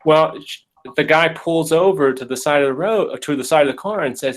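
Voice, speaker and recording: Heard on a low-quality recording, a podcast host with a fairly high voice talks a little fast. He tells a case in a casual, animated, joking style, acting out what people said.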